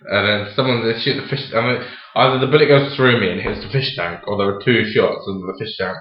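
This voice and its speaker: A man's voice: lowish voice, fast talker. A young man chatting on a podcast, animatedly acting out his stories with laughing asides. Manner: animated storyteller, acts out scenes with laughing asides. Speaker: podcast co-host. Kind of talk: casual chat. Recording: roomy, dull lo-fi home recording.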